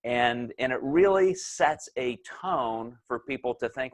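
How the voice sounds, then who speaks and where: A male podcast host talks with energy and keeps repeating small words as he starts his thoughts. He has a voice of middle pitch and sets up questions for his guest in a chatty, conversational way. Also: expressive, a little slow, few pauses.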